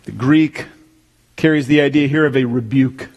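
A man preaching a sermon as pastor, emphatic, swelling to near-shouts on key words. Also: mid-range voice, moderate pace, long reverb tail, highs cut off.

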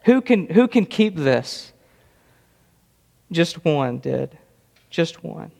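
A man's voice: on the high side, big pitch swings, drawn-out words, vocal fry, a little mellow. A man preaching an expository sermon, earnest and emphatic, often repeating words for stress. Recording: long reverb of a large hall.

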